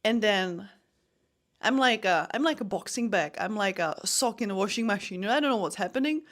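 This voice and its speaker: A woman's voice: medium pitch, animated, fairly quick, a bit bright. A young adult woman, a podcast host and MMA fighter, telling a personal story in a candid, self-deprecating way with frequent restarts.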